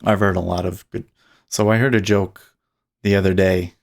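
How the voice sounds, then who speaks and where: A man's voice: low voice, flat delivery, normal speed, gravelly. A man talking casually and rambling as he streams his live day trading, often restarting and chuckling. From Utah.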